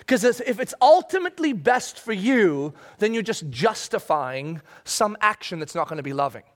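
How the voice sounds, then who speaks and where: A middle-aged male pastor delivering a sermon with a high, light voice. He talks animatedly, dropping into soft asides and then rising into loud, acted-out shouts. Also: very animated, moderate pace.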